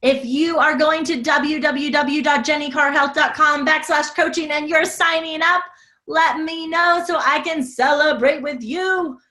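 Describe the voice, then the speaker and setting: A woman with a high, sharp-toned voice speaks unhurriedly and with fairly even intonation as she leads a live online health-coaching masterclass. Upbeat and effusive, she reads viewer comments and answers questions over a video call, blending a sales pitch with Q&A.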